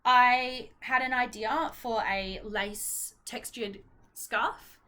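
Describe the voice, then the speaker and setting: A woman's voice: on the high side, fairly even intonation, very slow, bright, forceful tone. A young Australian woman chatting casually about her yarn stash in a rambling, apologetic way, with lots of ums. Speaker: knitting vlogger. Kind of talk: casual chat.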